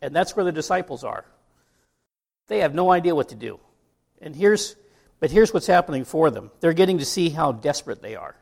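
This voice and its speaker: A middle-aged male pastor from the United States delivers a sermon in a relaxed, talky manner. His voice sits a touch higher than most men's and carries a gravelly edge. He keeps asking the congregation questions as he goes. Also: a little fast. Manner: conversational preaching with asides and rhetorical questions.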